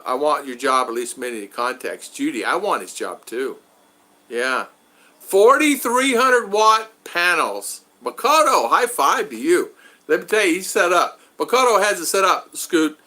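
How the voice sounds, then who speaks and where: Chatty, lively, bright-voiced man. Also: mid-range voice. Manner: rambling, chatty, repeats himself, addresses viewers by name. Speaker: livestream host reading chat. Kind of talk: casual livestream chat. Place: home in the Philippines.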